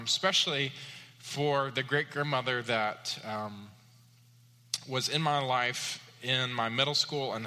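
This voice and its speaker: Bright-voiced pastor preaching. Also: male voice. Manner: rising to emphatic high-pitched peaks on key points; personal storytelling with frequent fillers. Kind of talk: sermon. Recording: long hall reverb.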